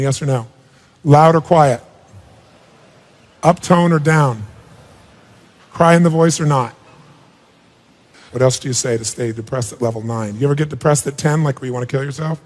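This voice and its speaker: A man's voice: fairly high pitch, darkish tone. Blunt male seminar coach in a big hall. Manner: rapid probing questions, blunt and profane. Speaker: self-help speaker coaching a participant on stage. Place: large auditorium. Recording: long reverb of a big hall.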